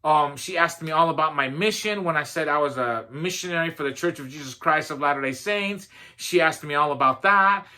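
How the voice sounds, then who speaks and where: A man's voice: a little high, a little fast, hardly any pauses, bright, forceful tone. A man giving a motivational talk, telling a personal story in a conversational way with self-deprecating humor and frequent fillers. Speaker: motivational speaker.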